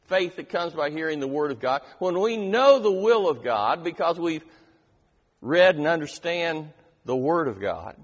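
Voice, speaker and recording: A man preaching a slow sermon, his voice lively and swinging up and down as he stresses each line of scripture. His pitch sits a little high for a man. His voice carries a long reverb, as if in a large church hall. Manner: emphatic scripture reading, slows and rises on key lines.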